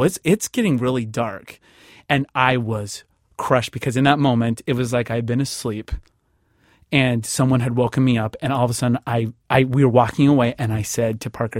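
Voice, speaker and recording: A man's voice: medium pitch, moderate pace, no echo. A man recounting a personal story with lots of stammers and repeated words, acting out what others said. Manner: stammers and repeats words, acts out quoted voices. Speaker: interviewee telling a personal story. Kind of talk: emotional first-person storytelling. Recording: dry close studio sound.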